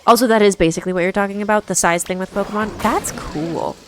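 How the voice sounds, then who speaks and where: A woman's voice: mid-range voice, fast talker, fairly bright tone, faint music behind. A young woman streaming a game live, chatting casually and reading viewer messages aloud with frequent giggles. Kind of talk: casual live-stream chat while gaming.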